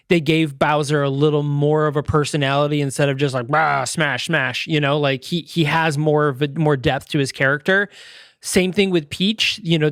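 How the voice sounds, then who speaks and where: A man's voice: on the high side, a bit bright, clean tone, no echo, clean studio sound. A man co-hosting a podcast in casual chat, rambling with fillers and restarts. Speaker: podcast co-host.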